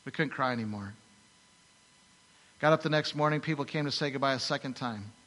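A male pastor preaching a sermon, telling stories with rhetorical questions and lively asides. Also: medium pitch, a little fast, in a large hall, low-quality recording.

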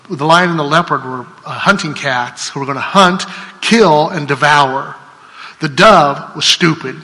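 Bright-voiced male preacher in echoing hall. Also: fairly high pitch. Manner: swings between loud declarations and soft trailing endings. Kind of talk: sermon with scripture reading. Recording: long hall reverb.

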